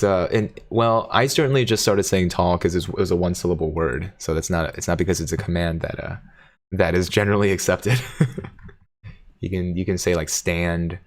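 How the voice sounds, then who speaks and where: Low-voiced man hosting a casual livestream. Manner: reads viewer comments aloud, jokey and playful. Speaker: livestream host reading chat.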